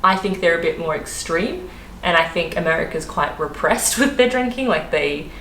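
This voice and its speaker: A woman's voice: lowish voice, animated, normal speed, a bit bright. A young Australian woman vlogging in a casual, chatty way, laughing often and using lots of fillers. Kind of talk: casual chat to camera. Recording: echoey room, faint background noise.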